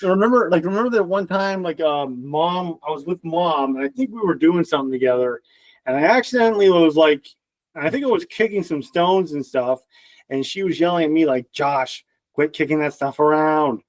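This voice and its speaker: A man's voice: on the high side, animated, a little fast, no room sound. A young man as a podcast guest, recalling funny stories in casual chat and laughing along.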